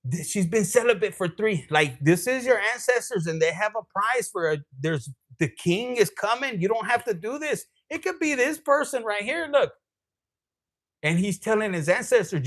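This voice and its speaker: A man giving a casual tarot reading as the channel's reader, sassy, profane and rambling. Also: sits high.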